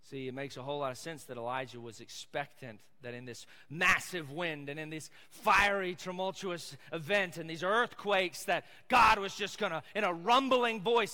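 A man preaching a sermon as pastor, emphatic and swinging between loud passages and hushed ones. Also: mid-range voice. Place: church sanctuary. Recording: echoey hall.

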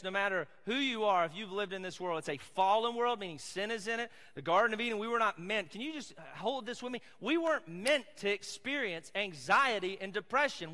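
High, bright-voiced Southern man preaching. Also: long reverb tail. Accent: Southern American. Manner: casual, conversational preaching with audience asides. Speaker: pastor. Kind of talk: sermon.

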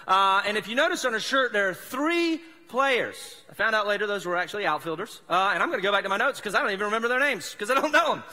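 High-pitched and animated, this man talks fast with few pauses in a pushed, bright voice. He's a pastor from South Mississippi with a Southern accent, giving a chatty, joking, self-deprecating sermon in a church sanctuary full of long hall reverb.

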